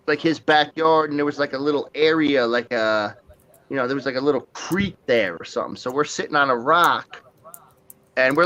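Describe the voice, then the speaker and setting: A man's voice: medium pitch, pushed and bright. A man hosting a livestream, telling rambling, profane stories in casual chat and laughing often. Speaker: livestream host.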